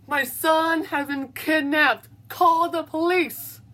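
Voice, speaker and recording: A woman voicing a frantic, shouting father. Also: sits high, animated, unhurried, full character voice. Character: panicked father whose son was taken. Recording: distant mic, faint background noise.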